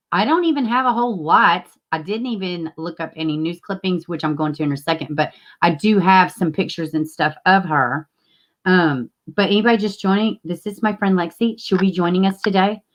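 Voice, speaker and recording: A woman's voice: on the low side, moderate pace. A woman, casually chatting with viewers as a livestream host and greeting them by name. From Tennessee, US.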